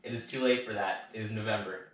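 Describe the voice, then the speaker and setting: A man's voice: fairly low pitch, steady tone, fast, a bit bright. A young man bantering dryly with friends at home, terse and camera-shy. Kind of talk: casual banter. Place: indoors at home. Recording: echoey room, off-mic.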